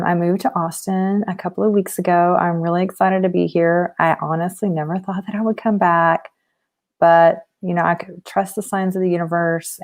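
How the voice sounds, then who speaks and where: A woman's voice: fairly low pitch, darkish tone. A woman in her forties from Texas with a Southern twang, a life coach chatting casually on a live stream in an upbeat way with lots of ums. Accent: Texan Southern. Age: 40s.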